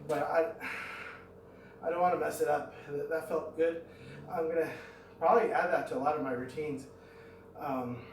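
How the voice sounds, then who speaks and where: A middle-aged fitness vlogger talks through his home workout, rambling and thinking aloud as he goes. His voice is fairly high, with a little hiss or hum, and the mic sits at a distance in an echoey room.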